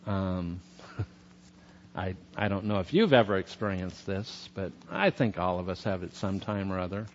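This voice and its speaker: A man's voice: sits low, unhurried, dull audio, a little hiss or hum. A man teaching a sermon on scripture in a chatty, conversational way, with many fillers. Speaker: preacher.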